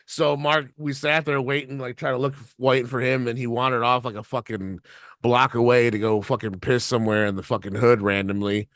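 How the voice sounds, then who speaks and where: A podcast co-host with a medium-pitched, fairly bright voice tells a long, rambling, profane anecdote at normal speed, laughing along as he goes. The recording is clean studio sound with no room noise.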